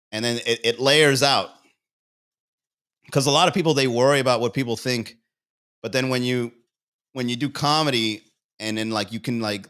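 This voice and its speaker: A man's voice: mid-range voice, a bit bright, clear, resonant tone. Guy doing a comedy livestream, rambly and sweary, laughs at his own bits, talks to the chat, regular mid voice. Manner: rambling, profane, chuckles at own jokes; talks straight to chat viewers. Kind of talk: casual livestream banter.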